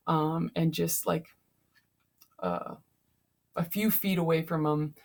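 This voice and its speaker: A woman's voice: on the low side, gravelly. A young woman casually summarizing a novel chapter for a class, tired, with many fillers. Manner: chatty, frequent fillers.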